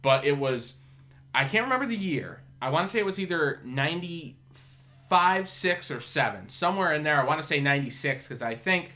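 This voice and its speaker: A man's voice: a little high, expressive, moderate pace, bright, forceful tone. A man hosting a podcast in casual chat, rambling with lots of fillers and swearing. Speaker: podcast host.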